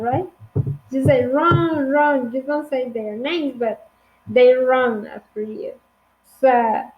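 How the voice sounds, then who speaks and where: A woman from Honduras with a Honduran Spanish accent, teaching an online English lesson with slow, clear speech and playful acted examples. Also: sits high, muffled recording.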